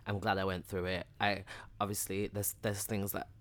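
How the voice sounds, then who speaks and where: A young man talks in a loose, chatty way, padding his sentences with "like" and "literally". His voice sits very low and deep. He sounds like an open, easygoing podcast guest. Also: flat delivery, normal speed, fairly bright tone. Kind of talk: casual chat.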